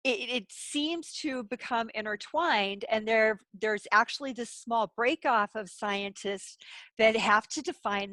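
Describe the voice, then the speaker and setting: Woman, podcast co-host, casual chat, restarts words, fairly high pitch, dry. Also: fairly bright tone, no room sound. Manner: conversational, repeats words while finding her point. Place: San Francisco.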